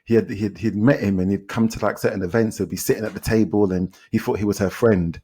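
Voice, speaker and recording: This is a man with a London accent, talking casually on a film podcast. His voice sits low and has a husky edge. He tells the story in a lively way, repeats himself and quotes people as he goes. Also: fast. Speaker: podcast co-host reviewing films. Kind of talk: casual chat.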